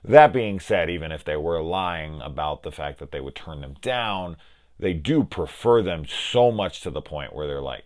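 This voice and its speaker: A man's voice: low-pitched, lively intonation, measured pace, darkish tone. A young man reviewing a film in a casual, rambling way, swearing freely and acting out bits of conversation. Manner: rambling, profane, with lots of "like" and quoted dialogue.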